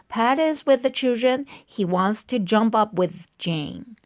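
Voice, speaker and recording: A woman reads a children's picture book aloud at a slow, careful pace, her voice rising and falling in a lively lilt. Now and then she trips on a word and corrects it. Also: fairly high pitch. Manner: slow, careful read-aloud with small slips. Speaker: reader.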